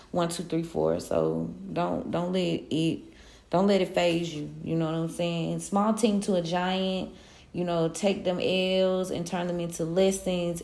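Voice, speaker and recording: A woman with a low, gravelly voice gives a casual tarot reading full of slang and pep-talk encouragement. The sound is echoey, as if from a bare room. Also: a little mellow. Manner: loose, slangy pep-talk delivery with frequent laughs. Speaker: tarot reader.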